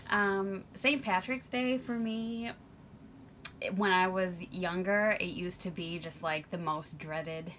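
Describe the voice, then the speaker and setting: A woman's voice: fairly low pitch, fairly even intonation, slow, a bit bright, a little hiss or hum. A young American woman talking reflectively to her camera, hesitant and thoughtful, with frequent ums and self-corrections. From United States. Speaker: vlogger. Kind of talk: reflective personal vlog monologue.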